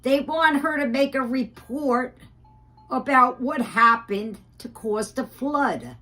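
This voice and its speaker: A woman's voice: sits high, expressive, takes it slowly, sharp tone, faint music behind. A woman ranting on a livestream, profane and indignant, with frequent fillers and restarts.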